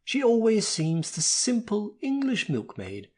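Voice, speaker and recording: Husky, animated male storyteller. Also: sits high, measured pace. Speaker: narrator. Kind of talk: scripted narration of a story.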